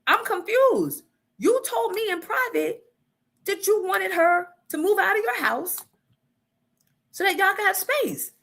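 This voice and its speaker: A woman voicing a bewildered couples therapist who calmly asks questions. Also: extremely high pitch, unhurried, creaky, long pauses, voice pushed up, full character voice. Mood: confused. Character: puzzled, calm couples therapist.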